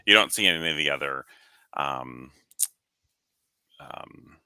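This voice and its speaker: A man co-hosting a casual live chat, joking and laughing often, with halting restarts. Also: a bass voice, expressive, bright, forceful tone, smooth, dry recording. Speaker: co-host.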